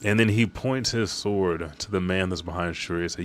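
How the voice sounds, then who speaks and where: A man's voice: low voice, normal speed, hardly any pauses, a bit bright. A man casually recapping a manga chapter, rambling and swearing as he goes.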